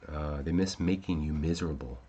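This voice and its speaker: A man's voice: extremely low pitch, fairly quick, warm tone. A man hosting a casual talk show, rambling with many fillers and restarts and swearing when upset. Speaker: podcast host.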